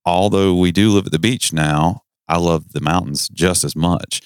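A man's voice: low voice, moderate pace, clean tone, no echo, clean studio sound. A middle-aged man from the North Carolina mountains with a Southern accent, co-hosting a podcast in joking, rambling casual chat. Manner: joking, rambling, self-deprecating. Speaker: podcast co-host.

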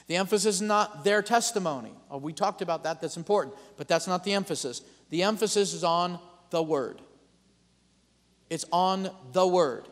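A man preaching a sermon as pastor, calling out amens and building to loud declarations. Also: high-pitched, in a large hall.

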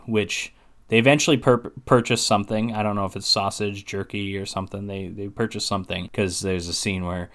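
A man co-hosting a podcast, casually recapping a movie plot in a rambling, filler-heavy way with quick laughs. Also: fairly low pitch, steady tone, fairly bright tone. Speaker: podcast co-host.

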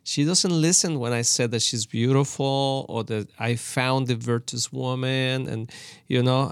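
A man co-hosting a faith podcast, talking earnestly and haltingly with many restarts, his voice congested from a cold. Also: mid-range voice, steady tone, smooth, no echo, clean studio sound. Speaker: podcast co-host.

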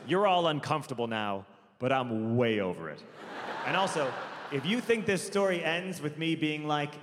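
A man's voice: on the high side, expressive, normal speed. A man performing stand-up comedy on a large theater stage, telling a story with acted voices, into a handheld mic, audience laughter behind. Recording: big theater hall with faint crowd noise.

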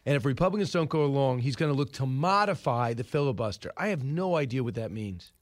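A man hosting an interview, putting short, brisk questions with a wry touch. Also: mid-range voice, expressive, no echo, studio quality. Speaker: host.

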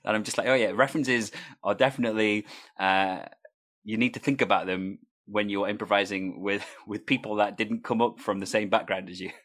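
A man's voice: fairly low pitch, fairly even intonation, brisk, a bit bright. A man from Wales with a neutral British accent, hosting a casual chat and telling stories with laughs mid-sentence. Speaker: podcast host.

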